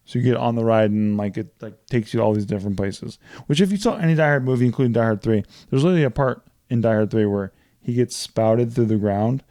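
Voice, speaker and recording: A man in a loose, casual chat, swearing freely as he recaps movie plots with lively energy. His voice sits at an ordinary middle pitch with a mellow, dark tone. The sound is dry and close. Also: fast talker, few pauses, no echo. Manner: profane, animated retelling of movie plots. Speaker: podcast co-host.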